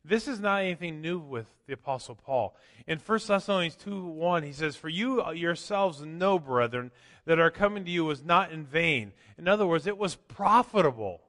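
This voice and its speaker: A man preaching a sermon, his slightly high, bright voice swelling into loud emphatic lines and then dropping to quiet asides. The sound rings with long reverb from the church hall. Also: lively intonation, normal speed. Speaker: pastor.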